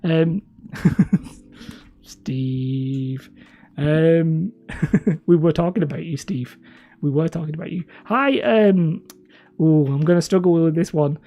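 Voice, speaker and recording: A woman's voice: low-pitched, takes it slowly, pauses often, mellow, dull audio. A woman with a northern English accent hosting a live stream, chatting casually with viewers in a rambling, self-deprecating way. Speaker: livestream host.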